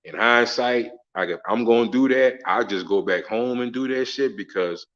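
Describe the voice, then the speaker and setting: Middle-aged man, slangy and profane, casual monologue, average pitch, dull recording. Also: normal speed, a bit bright. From Southern United States. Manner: profane, slangy, laughing storyteller. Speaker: travel vlogger.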